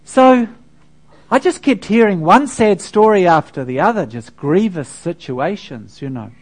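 A man's voice: sits high, expressive, unhurried. A man, a pastor preaching a sermon in a conversational, storytelling way with frequent asides to the congregation.

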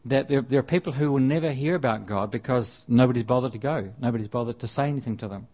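A man's voice: medium pitch, quick pace, a little mellow. Conversational man preaching. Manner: conversational, with frequent restarts and repetition. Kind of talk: sermon.

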